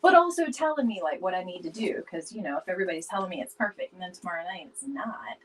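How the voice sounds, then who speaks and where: A woman's voice: lowish voice, expressive, fast talker, a bit bright, slight background noise, low-quality recording. A woman chatting casually with viewers during a live craft stream, laughing often and greeting people by name. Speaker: DIY home decor live streamer.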